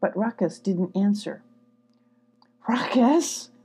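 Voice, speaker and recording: A woman narrating a children's storybook in a gentle, even storytelling manner. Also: mid-range voice, normal speed, breathy edge. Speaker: storybook reader.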